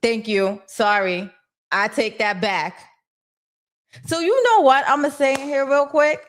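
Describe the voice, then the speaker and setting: A young adult woman hosting a casual livestream, reading viewer comments aloud and answering in lively, slangy talk. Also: high voice, a little slow. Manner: animated and slangy, talks back to chat. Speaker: host of a TV recap livestream.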